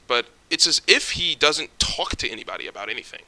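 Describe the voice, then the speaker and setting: A man's voice: on the high side, sing-song, a little fast, sharp tone. A young man ranting casually to camera, jittery and stumbling over his words, swearing often. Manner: swears often, rambling restarts. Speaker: vlogger.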